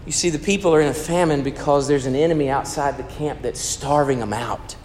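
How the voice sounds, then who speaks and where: A male pastor preaching a sermon, animated, rising to loud emphasis and dropping to hushed storytelling. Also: on the high side, fairly quick, big-room sound, a little hiss or hum.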